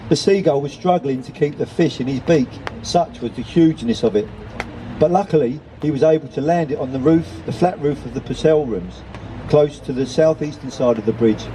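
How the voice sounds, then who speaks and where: A man's voice: a little high, warm tone, a little hiss or hum, rough recording. A man reading a children's story aloud, with chatty self-deprecating asides to the listeners. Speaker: reader.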